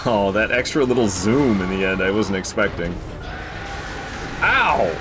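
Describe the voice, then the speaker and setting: A man's voice: fairly low pitch, a little fast. A man giving casual, joking commentary while streaming a video game, chatting with viewers and running himself down when he fails. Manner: chatty, joking, self-deprecating. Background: game music.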